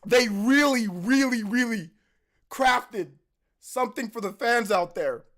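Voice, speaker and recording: A man hosting a live reaction stream, talking in excited, emotional bursts and repeating himself, with a voice that is wearing out. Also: very high-pitched, a little slow. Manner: excited, emotional, repetitive exclamations. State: losing his voice. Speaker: host.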